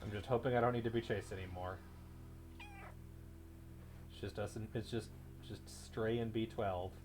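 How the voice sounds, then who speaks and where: A man's voice: on the low side, normal speed, faint music behind. Chatty man streaming a game. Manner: chatty, talks to chat, bursts into loud excited yelling. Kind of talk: live gameplay commentary.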